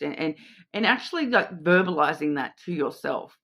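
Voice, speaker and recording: Bright-voiced chatty woman card reader. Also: low voice, lively intonation, moderate pace. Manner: rambling, chatty, repeats words. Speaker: tarot and oracle card reader. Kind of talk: casual intuitive card reading.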